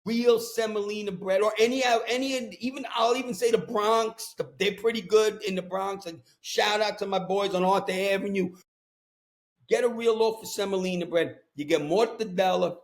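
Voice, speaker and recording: A man's voice: sits high, moderate pace. A man from Brooklyn with a New York accent, hosting a podcast and telling stories in a streetwise, ranting way. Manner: animated ranting storyteller, streetwise. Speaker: podcast host. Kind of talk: casual chat. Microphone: podcast microphone.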